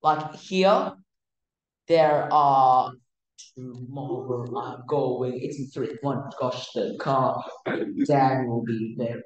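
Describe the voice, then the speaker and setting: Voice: medium pitch, slow pace, very echoey, lo-fi sound. A music theory tutor giving a casual online lesson, explaining in a chatty way with many fillers and restarts.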